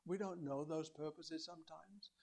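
A man delivers a sermon in a notably high voice. He speaks earnestly, climbing to emphatic peaks and sinking low again. He keeps turning to the congregation with rhetorical questions. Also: fairly even intonation, moderate pace, gravelly, a little mellow, husky. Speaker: preacher.

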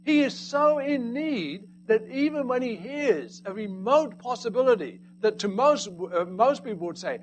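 A man preaching a sermon, swinging between loud emphatic lines and hushed, quiet asides. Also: very high-pitched, animated, moderate pace, few pauses, slight background noise, rough recording.

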